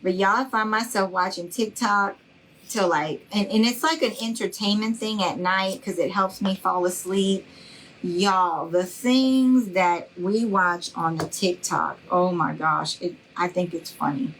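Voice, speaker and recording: A woman's voice: medium pitch, a little slow, fairly bright tone, a little hiss or hum, poor audio. A middle-aged woman hosting a craft livestream, chatting casually and folksily with her viewers and calling them y'all. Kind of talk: casual chat with live viewers.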